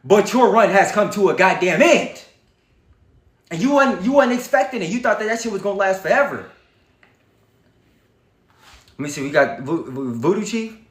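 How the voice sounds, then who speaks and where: A man's voice: high voice, animated, normal speed, long pauses. A man hosting a livestream, giving a defiant, preachy monologue full of swearing. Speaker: livestream host. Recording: echoey room.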